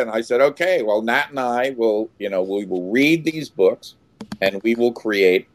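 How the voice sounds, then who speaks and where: An older man telling a story as an interview guest, full of halting restarts and loud acted outbursts. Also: mid-range voice, no echo.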